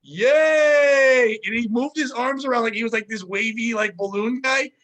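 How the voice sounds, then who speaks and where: A man co-hosting a podcast, telling a story in casual chat, animated and profane, acting out the people he talks about. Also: very high voice, a little fast. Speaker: podcast co-host.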